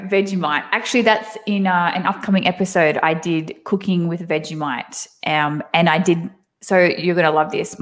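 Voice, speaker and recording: Young woman, strong Aussie accent, low-set voice, chatty storyteller on a home video call. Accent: Australian. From Australia. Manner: chatty, animated storytelling with quick laughs. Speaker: guest. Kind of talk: casual interview chat.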